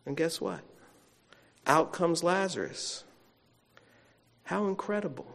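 A man's voice: on the high side, animated, unhurried, vocal fry, pauses often. A male pastor giving a sermon in a chatty storytelling way, with asides to the congregation. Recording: long reverb of a large hall.

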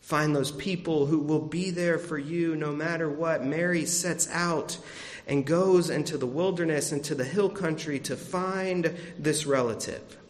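A young man preaches with a slightly high voice, casual and storytelling, acting out quoted lines in a loose, conversational way. His voice rings out with the long reverb of a big hall. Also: measured pace. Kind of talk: sermon.

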